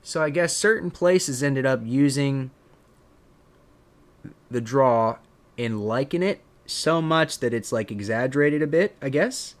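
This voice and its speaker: A man from Pennsylvania with a drawn-out, slightly southern accent, musing in a casual live-stream chat, full of fillers and restarts. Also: mid-range voice, lively intonation. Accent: Pennsylvania, with a drawn-out southern drawl. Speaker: streamer and content creator.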